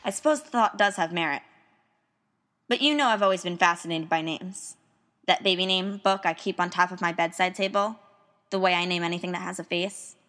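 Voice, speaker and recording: A woman's voice: on the low side, a little fast, a bit bright. A young woman, a student, narrating a personal letter in an earnest, musing, wistful way.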